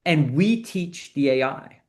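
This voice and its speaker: A man guest on a podcast interview, explaining his work in an animated way that speeds up and slows down to stress points. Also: on the high side. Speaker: AI consultant guest.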